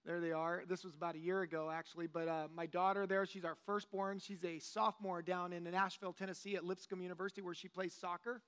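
A man nearing fifty leads a church group study with an easygoing, joking delivery full of fillers. His voice sits high for a man. He talks like he's chatting with friends while teaching. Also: fast, few pauses, clean tone. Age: 40s. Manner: relaxed, joking, conversational preaching with fillers. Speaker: lay teacher. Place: church meeting room.

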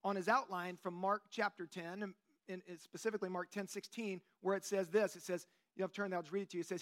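A man in his late forties giving a relaxed, joking sermon to a church group in a conversational way, with plenty of fillers. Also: high voice, fast. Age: 40s. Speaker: lay teacher. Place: church meeting room.

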